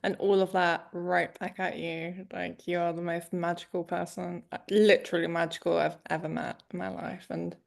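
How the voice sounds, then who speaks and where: A woman, the author guest on a podcast, speaking softly and warmly in casual chat. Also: on the low side, flat delivery, moderate pace, vocal fry, hardly any pauses.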